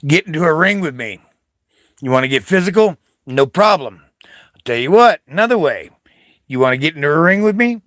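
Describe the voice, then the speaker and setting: A man's voice: fairly high pitch, animated, fairly quick, a bit bright, dry recording, clean studio sound. An older man from the United States, a Navy veteran, delivering an angry, profane political rant, confrontational and taunting.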